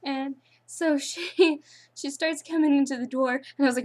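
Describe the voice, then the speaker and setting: Giggly high-voiced teenage girl. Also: normal speed. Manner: giggly, breaks into laughter often; rambling, with many fillers and restarts. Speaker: vlogger. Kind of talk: casual storytelling.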